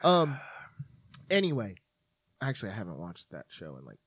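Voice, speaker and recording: A man's voice: fairly low pitch, moderate pace, dry recording. A man hosting a podcast, chatting casually with friends and rambling through lots of fillers. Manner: animated, rambling with many fillers. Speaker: podcast host.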